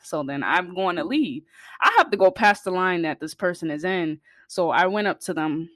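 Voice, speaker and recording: A woman with a lowish voice speaks to her viewers, recorded close and dry with no room sound. She tells the story casually and bluntly, swearing freely. When she gets worked up, her voice climbs and gets louder. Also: normal speed, no room sound. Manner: blunt, profane and animated, rising in pitch and volume when heated. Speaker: vlogger.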